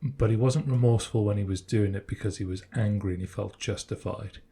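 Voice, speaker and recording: A man co-hosts a podcast in a relaxed, speculative chat. His voice is husky and fairly low, with a mellow, dark tone. He often restarts his sentences as he works through ideas. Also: brisk. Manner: thoughtful, speculative, frequent restarts. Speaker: podcast co-host. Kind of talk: casual chat.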